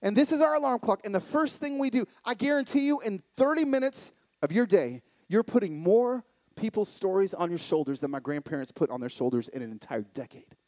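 High, animated preaching man. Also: brisk, hardly any pauses, dry recording. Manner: swings between excited loud bursts and hushed intimate lows. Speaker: conference speaker. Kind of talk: sermon-style storytelling. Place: live event stage.

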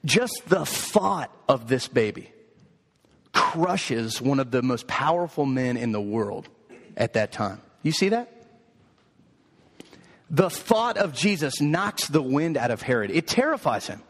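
A man's voice: medium pitch, big pitch swings, slow. A man preaching a sermon as pastor, building emphatic, repeated lines in a rhythmic cadence. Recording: echoey hall.

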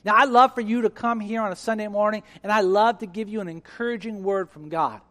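Guy pastor preaching, pretty high voice, acts out little conversations, long church echo. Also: a little fast. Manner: animated, acts out dialogue with God. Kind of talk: sermon.

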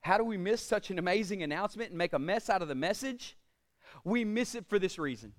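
A man preaching a sermon as pastor, asking the congregation questions and swinging between loud declarations and quiet asides. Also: high voice, animated, fast. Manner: preaching with rhetorical questions and call-outs to the congregation.

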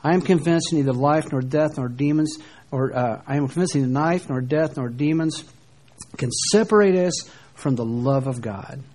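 A middle-aged American man preaching a sermon, dropping to hushed lines and rising for emphasis. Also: fairly high pitch, moderate pace. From United States. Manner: preaching, shifting between soft hushed lines and emphatic rises. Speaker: pastor.

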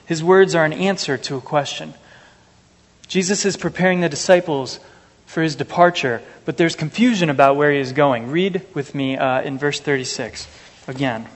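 A man preaching an earnest, measured sermon to a congregation, reading scripture and telling everyday stories. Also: mid-range voice. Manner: earnest, measured, anecdotal asides. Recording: long hall reverb.

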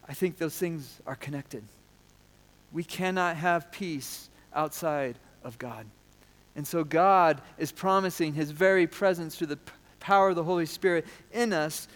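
Earnest pastor preaching in a reverberant sanctuary. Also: male voice, a little high. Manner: earnest, builds to emphatic points then drops soft. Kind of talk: sermon. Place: church sanctuary. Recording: long church reverb.

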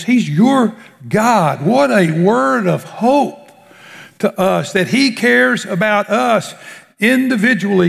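A man preaching with a gravelly, creaky voice that sits high for a man. He speaks slowly and with weight, stretching out words and letting phrases sink down low. His voice carries a long reverb from a large hall. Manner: slow, emphatic preaching with drawn-out words and sudden drops in pitch. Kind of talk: sermon.

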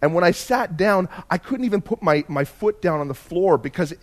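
A pastor delivering a sermon in church, his voice sitting a touch higher than most men's. He tells his stories with animation, dropping to near-hushed lines and then climbing into loud, emphatic bursts. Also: expressive, moderate pace. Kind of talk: sermon with personal storytelling.

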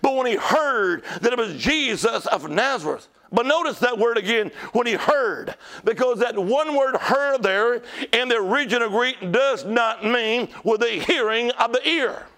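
A man preaching a sermon as pastor, emphatic, asking rhetorical questions and calling the congregation to shout back. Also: very high voice, expressive, moderate pace, few pauses.

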